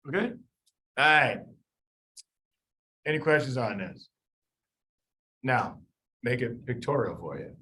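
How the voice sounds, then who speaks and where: A man teaching a live medical review class, quizzing students and talking through the reasoning in an animated way. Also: mid-range voice, rough recording. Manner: animated, quizzes students, quick asides with sudden quiet drops. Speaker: medical board review lecturer.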